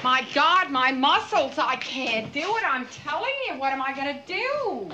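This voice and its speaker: Theatrical middle-aged woman, high voice that swoops all over, hissy 70s documentary tape. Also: lively intonation, normal speed, echoey room, muffled recording. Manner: theatrical, restless, sings and laughs while talking. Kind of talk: candid documentary conversation. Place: old house, indoors. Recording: old 1970s documentary film sound with hiss.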